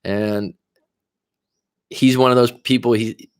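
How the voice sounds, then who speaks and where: A man's voice: medium pitch, fairly even intonation, slow pace, smooth, no echo, studio quality. A man, a coach, talking casually and reflectively to viewers on a livestream, wandering into asides as he thinks aloud. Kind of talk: livestream monologue.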